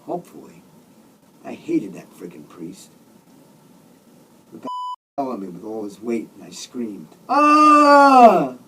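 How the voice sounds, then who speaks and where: A man's voice: fairly low pitch, expressive, unhurried, pauses often, mellow, distant mic, slight background noise, low-quality recording. A man, the author, reading his own comic novel aloud in a sardonic, grumbling manner with mock outbursts.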